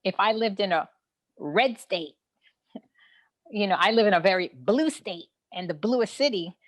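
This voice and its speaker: A woman's voice: medium pitch, unhurried. A woman with a Brooklyn, New York accent, the guest in a casual online conversation, talking frankly with plenty of fillers and laughs over a video call. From New York City. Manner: frank, animated, laughs often, many fillers.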